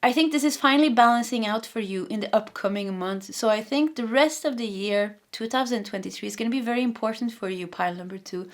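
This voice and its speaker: A young adult woman with a Swedish accent giving a pick-a-card tarot reading, talking fast and energetically and often repeating her phrases. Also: on the high side. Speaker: tarot reader.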